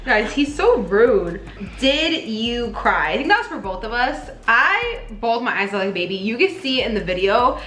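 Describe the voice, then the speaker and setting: Bubbly high-voiced young woman vlogger. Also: big pitch swings, normal speed, fairly bright tone. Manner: bubbly and chatty, laughs often. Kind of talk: casual couple Q&A chat. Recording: echoey room with faint noise.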